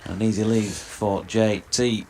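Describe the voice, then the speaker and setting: A man giving measured ball-by-ball cricket commentary, describing each delivery in detail. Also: lowish voice, fairly even intonation, dark tone, slight background noise.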